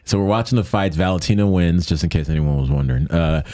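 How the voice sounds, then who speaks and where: A man with a very deep voice tells a personal story as a podcast guest, loose and rambling with frequent restarts. He jumps up into the voices of the people he quotes. The sound is dry and close, with no room around it. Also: fast talker, no echo. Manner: animated, acts out quoted voices. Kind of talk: casual storytelling.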